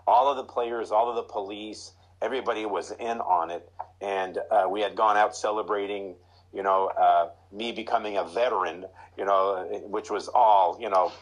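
A middle-aged man with a low, husky voice tells stories from his hockey career. He talks casually and animatedly, and jumps into high voices whenever he quotes someone. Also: fairly even intonation, moderate pace, poor audio. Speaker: former pro hockey player, guest. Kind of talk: casual storytelling.

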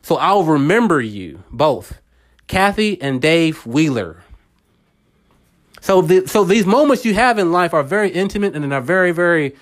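Earnest preacherly man podcasting. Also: sits high. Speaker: podcast host. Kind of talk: casual motivational monologue.

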